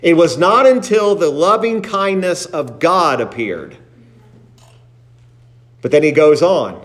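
A man's voice: mid-range voice, animated, unhurried. A pastor preaching a sermon to his congregation, reading scripture aloud and repeating phrases for emphasis.

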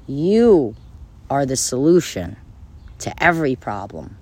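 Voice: medium pitch, unhurried, mellow. A self-help speaker giving a casual motivational monologue, talking bluntly and repetitively, with frequent swearing and bursts of laughter.

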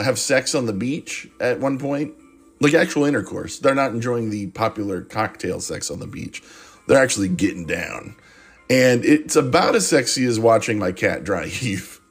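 Sarcastic husky-voiced man reviewing a movie. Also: medium pitch. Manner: sarcastic, rambling, swears casually. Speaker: podcast host reviewing a movie. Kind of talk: casual comic monologue.

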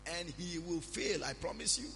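A man preaching a sermon, speaking calmly and reassuringly to his congregation. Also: on the high side, moderate pace, slight background noise, rough recording. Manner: preaching, shifts from loud prayer to calm counsel. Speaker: pastor.

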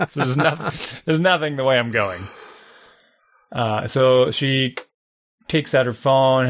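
Gravelly man telling a lively anecdote. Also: medium pitch, a little slow. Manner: animated, acts out his own thoughts, chuckles often. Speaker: storyteller guest.

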